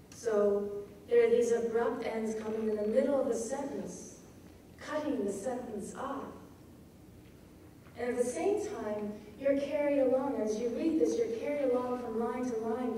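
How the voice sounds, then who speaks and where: A woman giving a poetry lecture, measured and often checking in with her audience. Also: on the high side, dark tone, distant mic, slight background noise. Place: lecture hall. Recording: echoey hall recorded from afar.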